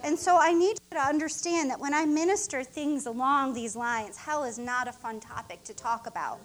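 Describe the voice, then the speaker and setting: High-voiced woman preaching a heartfelt sermon. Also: normal speed, faint music behind. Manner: heartfelt, emotional preaching with rising exclamations. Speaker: co-pastor.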